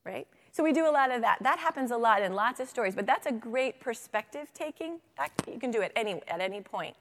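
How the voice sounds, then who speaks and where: Woman presenter, teacher workshop, animated, chatty, big hall, long reverb. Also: fairly high pitch, fairly quick. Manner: animated, chatty, checks in with "right?". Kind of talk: lively teaching talk with read-aloud.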